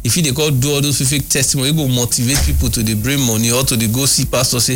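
A man with a Nigerian accent telling a story in a casual chat, animated and mocking. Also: mid-range voice, racing, few pauses, soft background music.

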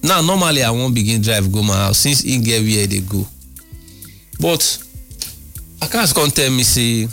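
A man with a Nigerian accent telling a story in a casual chat, animated and mocking. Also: mid-range voice, moderate pace, creaky, long pauses, faint music behind.

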